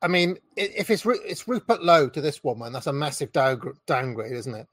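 A man's voice: a little high, fairly quick, a bit bright, husky, no room sound, studio quality. Blunt, mocking man ranting. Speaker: political commentator reacting to a clip. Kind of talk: ranting reaction commentary.

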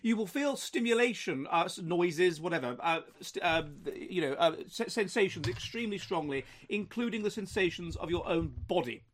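A man's voice: sits high, expressive, moderate pace, few pauses. A man hosting his own commentary vlog, lecturing emphatically with frequent restarts. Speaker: host.

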